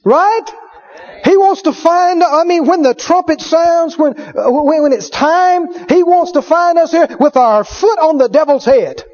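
A man preaching a sermon, emphatic, repeating his points and at times shouting. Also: extremely high pitch, unhurried, highs cut off.

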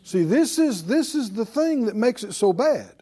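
A man's voice: very high-pitched, big pitch swings, normal speed, dark tone, husky. A man preaching a sermon, who keeps quizzing his listeners with "Huh?". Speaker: preacher and Bible teacher.

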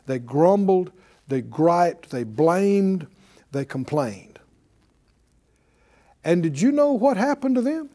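Slow, lively-pitched preacher man. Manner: conversational, asks the audience questions, chuckles often. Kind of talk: sermon teaching.

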